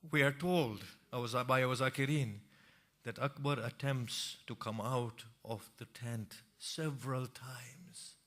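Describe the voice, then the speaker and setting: Slow and medium-pitched, this man's mournful sermon recounts a tragic story, a grieving recital that falls hushed and then rises into impassioned cries.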